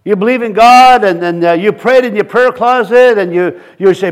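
A man preaching a sermon, halting and repeating words, acting out quotes from scripture characters. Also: sits high.

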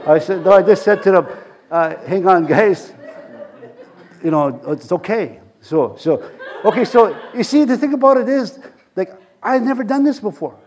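A male pastor telling a story in a sermon, lively and anecdotal, chuckling at his own jokes. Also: high-pitched, a little slow, pauses often.

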